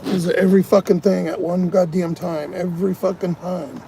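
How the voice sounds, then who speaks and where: Frustrated male delivery driver, ranting on a stream from his car, gravelly voice, engine noise behind. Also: high voice, steady tone, moderate pace, dark tone. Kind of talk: live-stream venting while driving. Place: inside a parked car.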